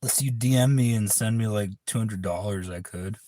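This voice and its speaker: A man's voice: lowish voice, fairly quick, dark tone, no echo. A man hosting a livestream in casual chat, laid-back, rambling and profane. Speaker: livestream host.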